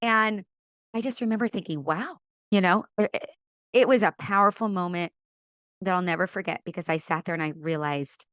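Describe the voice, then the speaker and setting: A middle-aged woman from California, a podcast guest and author, telling her faith story in an animated way, acting out quoted voices and laughing often. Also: on the low side, moderate pace, no room sound. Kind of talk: animated testimony in a faith interview.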